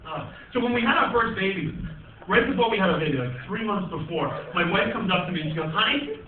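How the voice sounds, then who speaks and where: A young male comedian tells stories with animated energy in a high voice and bursts into shouts. He is recorded on a tinny phone from far back in an echoey club. A crowd can be heard around him. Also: quick pace. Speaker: stand-up comedian. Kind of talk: stand-up comedy routine. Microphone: phone recording from the audience.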